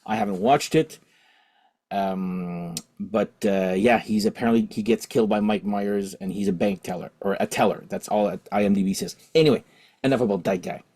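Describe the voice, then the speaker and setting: A man's voice: normal speed, a little mellow. A man hosting his rock channel, rambling through a story in a casual rant. He keeps correcting himself and asking "okay?", and he sounds tipsy. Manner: jumps higher in pitch and volume when quoting himself and his friend. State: drinking alcohol while recording. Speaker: host of a rock and vinyl channel.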